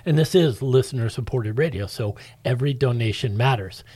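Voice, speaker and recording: A man's voice: medium pitch, a little fast, darkish tone, husky. A man hosting a community radio show, chatting casually and reading station announcements in an upbeat way. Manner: upbeat, chatty, with many fillers. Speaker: radio host.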